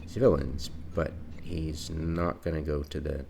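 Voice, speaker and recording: A man's voice: rumbling low, flat delivery, a little slow, creaky, warm tone, a little hiss or hum. A man giving casual commentary on his own gameplay, exasperated and retelling his reactions as he goes.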